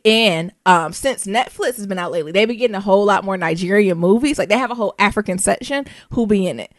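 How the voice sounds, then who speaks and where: An American woman co-hosting a podcast in casual chat, slangy and animated, laughing often and spelling words out. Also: medium pitch, fast talker, dry recording, studio quality. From United States. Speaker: podcast co-host.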